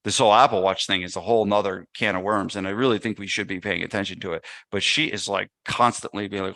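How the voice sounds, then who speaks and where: A gym business owner on a podcast speaks at a quick pace in a lowish voice, telling a lively, casual story and acting out people's lines. The sound is clean studio audio without room noise.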